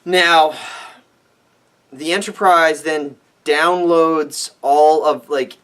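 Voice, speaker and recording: A man giving a ranting film review for his vlog, animated and exasperated, swearing freely. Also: fairly high pitch, drawn-out words, clear, resonant tone. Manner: animated, exasperated, profane, with frequent restarts.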